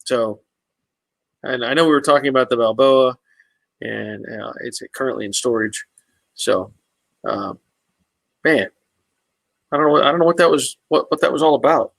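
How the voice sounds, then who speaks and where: A man's voice: mid-range voice, normal speed, gravelly, long pauses, fairly bright tone, no echo, poor audio. A man hosting a casual live stream, answering viewers' comments in an easygoing, rambling way with many fillers and restarts.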